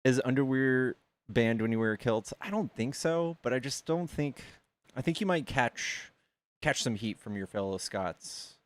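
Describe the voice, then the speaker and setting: A man's voice: medium pitch, measured pace. Rambling, foul-mouthed American streamer guy. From United States. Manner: rambling, animated storytelling with profanity. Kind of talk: casual chat.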